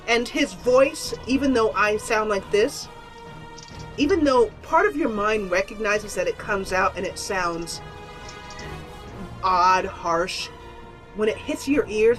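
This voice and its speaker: A woman narrating as game master of an online tabletop role-playing game, telling the story in a playful, giggly way with flowery descriptions. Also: mid-range voice. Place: online voice call.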